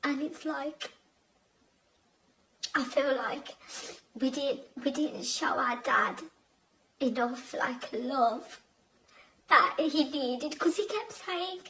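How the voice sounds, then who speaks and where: A young woman telling a personal family story in a halting, emotional way, with many restarts. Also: high voice, sharp tone, a little hiss or hum, low-quality recording. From Bangladeshi family. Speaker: guest telling her conversion story.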